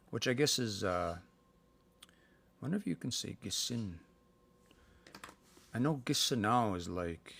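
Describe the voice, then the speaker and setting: Male language teacher, gravelly, mid pitch, casual live-stream lesson at home, thinks aloud and sounds words out slowly. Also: animated, fairly bright tone, slight background noise.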